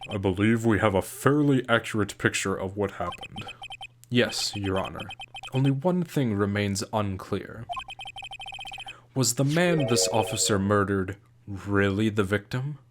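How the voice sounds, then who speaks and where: A man reading the lines of a calm, formal male prosecutor in his own voice. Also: lowish voice, unhurried, noisy background, voice pushed down, natural voice. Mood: cold. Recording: game music playing behind.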